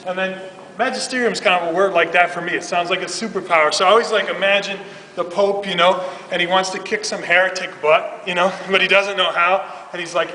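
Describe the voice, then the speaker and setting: A man's voice: sits high, fairly even intonation, quick pace, pushed and bright, slight background noise. A man, a youth minister, giving a casual, humorous religious talk full of "like" and "you know". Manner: chatty, humorous, filler-heavy. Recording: roomy hall from far off.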